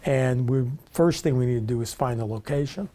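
An older man casually telling the story of how he started his business, relaxed and conversational. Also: medium pitch, a little fast. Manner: relaxed, conversational, rambling with restarts.

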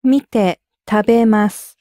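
A woman gives model phrases for a language course, saying each one clearly and carefully. She speaks slowly, and her voice is mellow and dry. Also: medium pitch, steady tone, dry recording.

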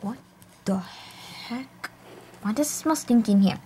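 A woman being goofy and dramatic in silly home-video outtakes, giggling and shouting. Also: on the high side, measured pace, a little hiss or hum.

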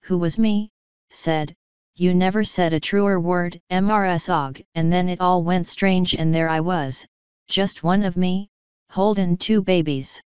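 A woman's voice: fairly low pitch, steady tone, a little slow, a little mellow, clean tone, no room sound, lo-fi sound, lightly acted. A woman voicing a chatty elderly midwife with folksy, g-dropping speech. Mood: reminiscing.

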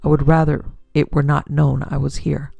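A woman voicing a soft-spoken, overly polite gangster in a pulp detective story. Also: low voice, level tone, moderate pace, gravelly, no echo, highs cut off, heavily acted. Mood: smooth menace.

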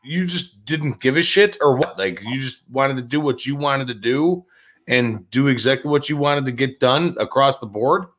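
Sports show host guy, rambly casual questions, normal pitch. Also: expressive, moderate pace, a bit bright. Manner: rambling, loose questions with restarts.

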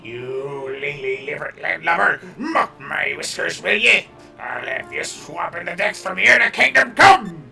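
A man voicing a blustering old pirate captain, growling his lines in gruff pirate talk. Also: on the high side, animated, a little slow, bright, forceful tone, reverberant, distant mic, soft background music, pitched below the performer's own voice, exaggerated voice. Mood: gloating.

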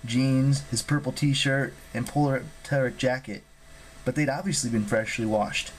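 A man narrating an audiobook in a plain, steady storytelling manner. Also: mid-range voice, a little slow, slight background noise, rough recording.

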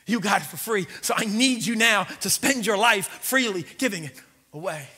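Animated preacher in a reverberant church. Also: male voice, high-pitched, moderate pace, breathy edge. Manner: animated, conversational storytelling with jokes. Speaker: pastor. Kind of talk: sermon. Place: church sanctuary.

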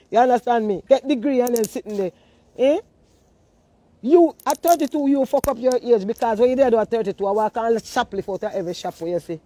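A woman with a Jamaican accent ranting in heavy patois, scolding and animated. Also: fairly high pitch, fairly quick. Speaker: social media personality. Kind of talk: ranting monologue.

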